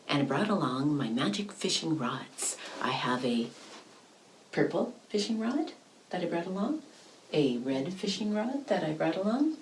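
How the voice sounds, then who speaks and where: Lady doing kids storytime, lots of whispers and silly sound effects, lowish voice. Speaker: library storyteller. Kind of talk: children's storytime.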